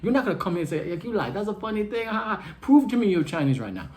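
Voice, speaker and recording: A woman's voice: medium pitch, very animated, fast, dark tone, pitched above the performer's own voice, lightly acted. A man voicing a woman at a hotel desk who doubts and teases a guest. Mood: teasing. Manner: doubtful, teasing. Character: skeptical female hotel clerk, teasing and doubtful.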